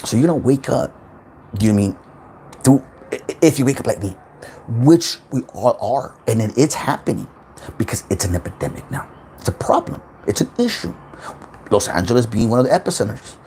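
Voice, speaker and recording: A man talks through a casual livestream monologue with a lively, swooping voice, starting and restarting his sentences. His pitch sits in an ordinary middle register. He tosses in swear words along the way. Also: fairly quick, a little hiss or hum. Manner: rambling, repeats words, swears freely, animated. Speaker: spiritual self-help livestream host.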